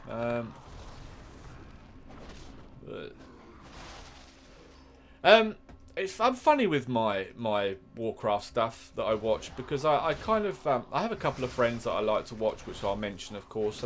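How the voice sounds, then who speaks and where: A man with an English accent chats his way through a gameplay session. His talk rambles and drifts into asides. His voice sits at an ordinary middle pitch. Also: expressive, moderate pace, a little hiss or hum. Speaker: gaming YouTuber. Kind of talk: casual gameplay commentary.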